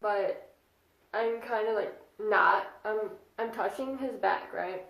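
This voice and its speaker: A young woman in her twenties telling a casual storytime vlog, chatty and excitable with lots of fillers. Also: medium pitch, slow pace, gravelly. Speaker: vlogger. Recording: echoey room.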